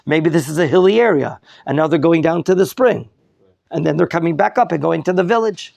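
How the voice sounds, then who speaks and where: A man teaching a Torah class with a somewhat high voice and a gravelly, fry-laced texture. He questions his students and corrects their reading as he goes. The sound is close and dry. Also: a little fast, dry recording, muffled recording. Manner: lively teacher, quizzing students, mixing in Hebrew terms. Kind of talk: classroom Bible lesson.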